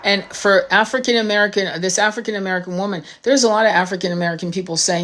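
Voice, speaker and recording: A woman's voice: mid-range voice, fast, hardly any pauses, a bit bright. A woman speaking straight to her viewers as a tarot reader, in an impassioned monologue. She is blunt and heated, and she swears freely as she talks.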